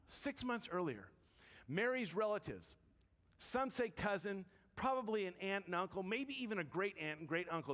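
Woman pastor, chatty sermon delivery, quips and asks the room questions; reverberant sanctuary sound. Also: on the low side. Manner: conversational, joking, questions the congregation. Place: church sanctuary. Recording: long church reverb.

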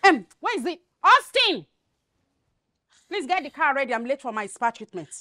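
Nollywood socialite: a cold, bossy rich wife, lively high pitch, dry close sound. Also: female voice, moderate pace, dry recording, exaggerated voice. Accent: Nigerian. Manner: commanding, scornful. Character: haughty rich married woman, dismissive and cold.

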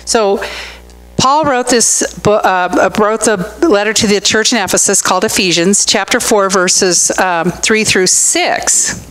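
In a low-quality but smooth recording, a middle-aged woman pastor preaches unhurriedly in a mid-range, fairly bright voice. Her sermon is conversational: she chats, tells stories, and asks the room questions.

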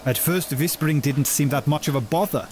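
An actor playing an unhinged male doctor in a horror video game, speaking in a slow, deliberate, ominous way. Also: a little high, a little mellow, a little hiss or hum, natural voice. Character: blood-covered male doctor, unhinged and menacing.

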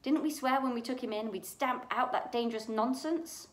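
A woman's voice: fairly high pitch, normal speed, pitched above the performer's own voice, natural voice. A woman doing a blustering bully of an uncle. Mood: tense. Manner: loud, gruff shouting. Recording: echoey room.

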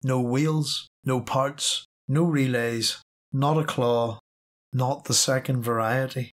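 A man's voice: mid-range voice, fairly even intonation, slow, lightly acted. A man voicing a weary, blunt woman soldier in a wartime audiobook. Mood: cold.

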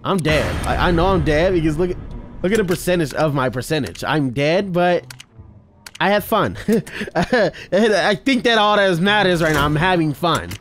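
A man streaming a horror game, trash-talking the characters with loud outbursts and frequent laughs. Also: a little high, expressive, normal speed, slight background noise. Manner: laughs often. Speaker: gaming streamer. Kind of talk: casual let's-play commentary.

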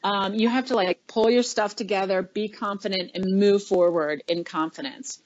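A middle-aged woman tells a long story in an interview, putting on the voices of the people in it. Her voice sits at an everyday pitch. The audio is a bit dull and lo-fi. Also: normal speed. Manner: animated storyteller, acts out quoted lines. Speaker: interview guest, former chief of staff.

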